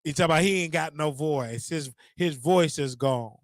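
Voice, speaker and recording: A man's voice: on the high side, normal speed, no room sound, studio quality. A man hosting a casual livestream, talking to his chat in a rambling, repetitive way with preacher-like call-outs. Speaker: livestream host.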